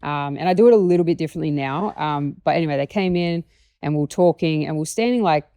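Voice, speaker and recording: Woman, low voice, dry close sound, chatty, lots of fillers, dog trainer guest. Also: fast, dark tone, no echo. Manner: chatty, many fillers, acts out quotes. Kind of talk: casual conversation, anecdotes.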